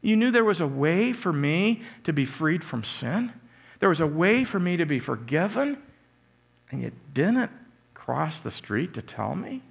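A man's voice: a little high, sing-song, unhurried, vocal fry, husky, pitched above the performer's own voice, heavily acted. Man voicing a hurt, pleading neighbor. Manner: reproachful, rising questions.

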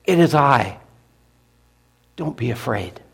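A man voicing a calm male teacher who speaks with gentle authority, in a plain, reassuring way. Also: medium pitch, slow, creaky, husky, heavily acted.

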